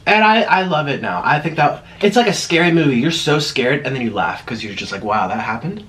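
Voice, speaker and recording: A man's voice: on the high side, big pitch swings, fairly quick, fairly bright tone, a little hiss or hum. A man chatting casually while eating on camera, rambling and laughing at himself. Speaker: mukbang vlogger.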